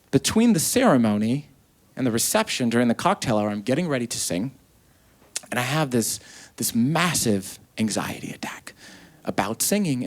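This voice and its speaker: A man in his thirties performing stand-up comedy, telling a story in an animated, profane way and acting out the dialogue. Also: mid-range voice. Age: 30s. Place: comedy stage before a live audience.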